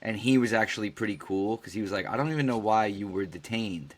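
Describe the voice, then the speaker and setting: A man with a fairly low voice tells a long story in loose podcast chat. He jumps into the voices of the people he quotes and curses without a second thought. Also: fast. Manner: animated storyteller who acts out quoted dialogue and swears freely. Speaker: podcast co-host.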